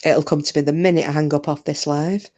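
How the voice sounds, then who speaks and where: A woman's voice: low-pitched, fairly even intonation, quick pace, darkish tone. Chatty British woman hosting a live stream. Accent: British English. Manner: rambling, chatty, answers viewer comments by name. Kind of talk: casual live-stream chat.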